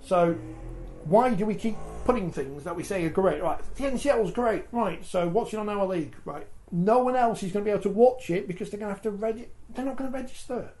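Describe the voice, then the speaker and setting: A man hosting a sports podcast, animated and jokey with rhetorical asides. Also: sits high, a little fast. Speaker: podcast host. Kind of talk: casual discussion.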